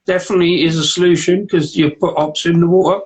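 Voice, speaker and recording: A man with a fairly high voice banters on a casual home livestream. He cracks jokes and reads out viewer comments between sips. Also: fairly even intonation, fast, a little mellow, rough recording. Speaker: co-host of a beer review show. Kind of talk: casual chat and beer tasting on a livestream. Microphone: home setup on a live video stream.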